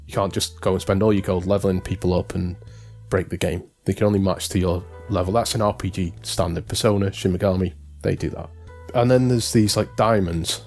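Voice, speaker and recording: Male podcast co-host, lowish voice, loose and rambling, faint music bed. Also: fairly even intonation, brisk, a little mellow. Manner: rambling, self-correcting, amused. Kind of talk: casual chat.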